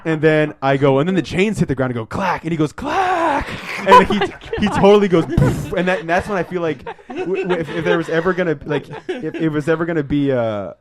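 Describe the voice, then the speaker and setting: A man co-hosting a podcast, telling stories in a casual, excitable way and swearing freely. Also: a little high, brisk, crowd noise. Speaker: podcast co-host. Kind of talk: casual storytelling.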